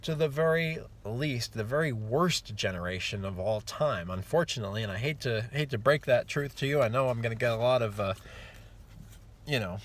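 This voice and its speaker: A man's voice: medium pitch, animated, moderate pace. A man hosting his own channel, giving a rambling, mocking commentary monologue full of restarts. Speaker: host.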